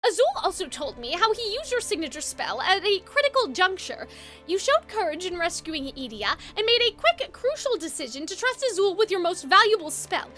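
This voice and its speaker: A woman's voice: extremely high pitch, big pitch swings, fairly quick, sharp tone, soft background music, exaggerated voice. A woman voicing a strict, proud young male house warden who talks in a formal, clipped, stern way.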